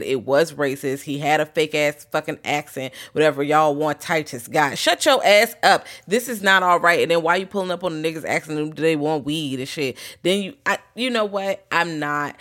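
Cohost mid-pitched voice, acts out movie lines, swears a lot, casual chat. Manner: animated storytelling, acting out scenes, profane. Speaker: podcast co-host.

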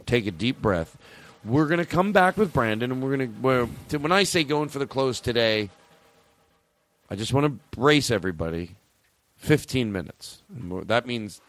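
A man's voice: lively intonation, moderate pace, fairly bright tone. A man hosting a podcast, rambling and joking in casual banter. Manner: rambling, jokey, slips into high-pitched put-on voices of imagined listeners. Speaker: podcast host.

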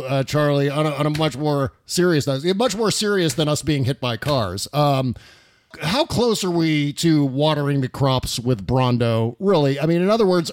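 A male podcast host in a casual interview, joking and swearing freely. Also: a little high.

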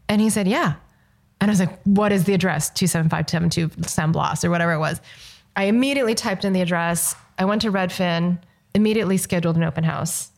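A woman filmmaker from Los Angeles, United States, appears as an interview guest and tells a story, voicing the dialogue as she goes. She speaks briskly at a medium pitch.

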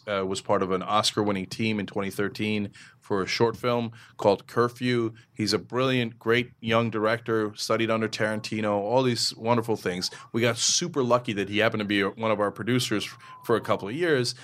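A middle-aged man telling stories in a casual interview, animated, slipping into funny voices now and then. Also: lowish voice. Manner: animated storyteller who slips into funny voices. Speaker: media company founder and show host, as guest.

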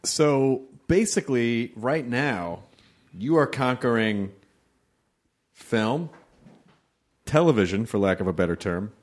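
A man's voice: mid-range voice, lively intonation, takes it slowly, pauses often. A man hosting a podcast in casual chat, playful and joking, laughing often. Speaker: podcast host. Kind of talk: casual conversation.

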